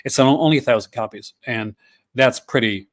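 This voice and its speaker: A man's voice: mid-range voice, moderate pace. A man in his fifties hosting a casual chat, rambling with many fillers and restarts. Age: 50s. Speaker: podcast host.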